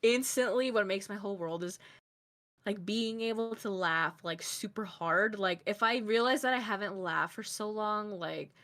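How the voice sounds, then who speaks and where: A woman's voice: medium pitch, normal speed, fairly bright tone. A woman streamer chatting as a guest in an interview, rambling and giggly with lots of filler words. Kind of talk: casual interview chat.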